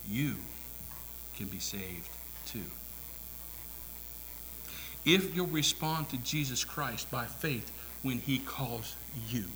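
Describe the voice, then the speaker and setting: A man preaching a sermon in a church, swinging between hushed whispers and loud, climactic calls. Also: medium pitch, noisy background. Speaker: pastor. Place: church sanctuary.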